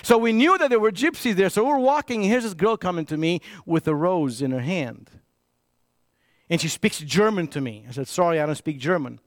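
A pastor delivers a sermon in an animated, high-sitting voice at a moderate pace, with no room sound. He swings between raised, emphatic preaching and hushed, intimate storytelling, often repeating and restarting words as he tells a story.

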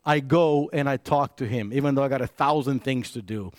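A man preaching a sermon as a pastor, swinging between raised, emphatic preaching and hushed, intimate storytelling, often repeating and restarting words as he tells a story. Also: mid-range voice, brisk, no room sound. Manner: repeats and restarts words when telling stories.

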